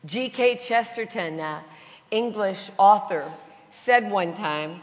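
Slow, storytelling woman preacher with a cold. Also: medium pitch. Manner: storytelling, puts on voices, laughs between lines. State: has a cold. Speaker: Christian speaker. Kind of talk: sermon with humorous travel stories. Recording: long reverb in a large hall.

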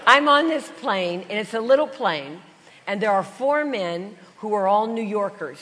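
A woman's voice: medium pitch, a bit bright. A woman Christian speaker with a cold, preaching a sermon full of funny stories, putting on voices and laughing between lines. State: has a cold. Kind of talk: sermon with humorous travel stories. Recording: long reverb in a large hall.

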